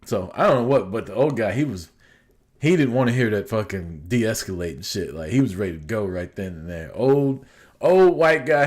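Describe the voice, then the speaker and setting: A man co-hosting a casual podcast, telling a story full of swearing and animated retellings. His voice sits in a middle pitch. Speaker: podcast co-host.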